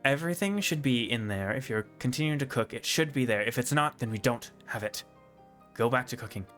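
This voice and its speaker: Guy doing a grumpy orc lady boss, blunt and bright, faint music behind. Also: mid-range voice, animated, a little fast, natural voice. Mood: curt. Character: grumpy orc woman, blunt camp leader.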